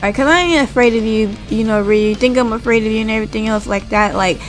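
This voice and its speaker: Rambling, higher-voiced woman recapping wrestling. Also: quick pace, faint music behind, rough recording. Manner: rambling, full of "like" and "right?" tags. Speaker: wrestling show reviewer. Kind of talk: casual spoken recap.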